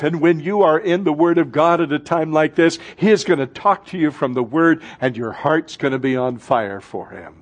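A man preaching a fervent sermon as pastor, swinging between loud, urgent lines and hushed ones. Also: a little high, normal speed, few pauses.

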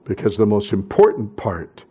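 A male pastor preaching a sermon, swinging from loud emphatic bursts down to hushed, near-whispered phrases. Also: fairly low pitch, very animated, moderate pace, husky.

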